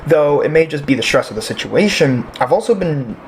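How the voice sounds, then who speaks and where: A man's voice: a little high, expressive, brisk, background noise. A man playing a quarantined patient who grows uneasy and furious, in an amateur audio drama. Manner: uneasy, then bursts into shouting rage.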